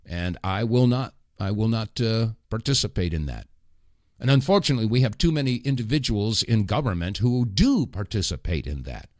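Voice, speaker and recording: A middle-aged man hosting a political talk radio show, delivering a rambling, impassioned monologue with sudden loud outbursts. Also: on the low side, sing-song, normal speed, no room sound, clean studio sound.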